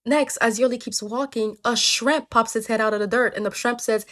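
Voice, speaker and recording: A woman storyteller retells folktales in a casual, playful way, dropping slangy jokes as she goes. Her voice sits on the high side. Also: fairly even intonation, moderate pace, few pauses, fairly bright tone.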